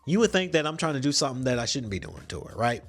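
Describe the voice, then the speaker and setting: A man hosting a podcast, casually retelling a movie plot in slangy, animated storytelling with some swearing. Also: medium pitch, fast, soft background music. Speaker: podcast host.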